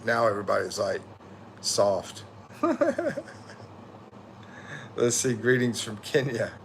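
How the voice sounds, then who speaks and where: Low-ish, slow, and gravelly yet a bit bright, the man's voice comes with slight background noise. He's a tired middle-aged livestream host from the USA, casually reading viewer comments in a rambling, slangy way and correcting himself as he goes.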